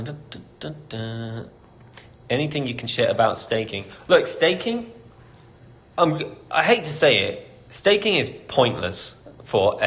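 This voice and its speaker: A British man with a fairly low voice hosts a casual live Q&A as a company CEO. He reads each question aloud and answers in a candid, chatty way, scattered with ums and soft laughs. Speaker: company CEO hosting an AMA.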